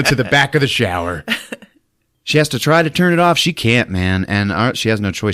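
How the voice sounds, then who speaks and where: A man's voice: on the low side, fairly bright tone, no echo, clean studio sound. A man hosting a podcast, retelling a movie casually, laughing often and acting out the characters' lines. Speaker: podcast host.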